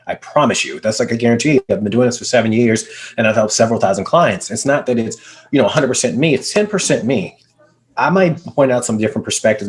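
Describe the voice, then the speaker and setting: A man, a business coach, telling a story in conversation, energetic and emphatic, repeating words for effect. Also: medium pitch. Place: video call.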